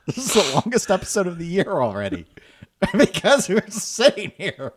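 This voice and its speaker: A man's voice: high voice, wildly swooping pitch, unhurried, slightly rough. Teasing, chuckling male podcast co-host. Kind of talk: casual chat.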